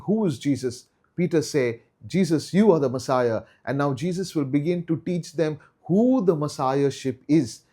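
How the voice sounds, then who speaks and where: A man's voice: on the high side, darkish tone. A man teaching a Bible study in an earnest way, repeating key phrases for emphasis.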